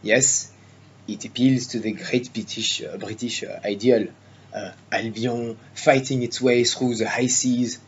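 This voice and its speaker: A man's voice: mid-range voice, level tone, unhurried, close to an everyday voice. A smug Frenchman with a thick French accent holds forth in a pompous, mocking speech, as a man puts him on. He lectures his listeners as a chauvinist speechmaker. The recording is slightly dull, with a faint hum behind it. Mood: smug, lecturing. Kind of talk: mock speech for interpreting practice.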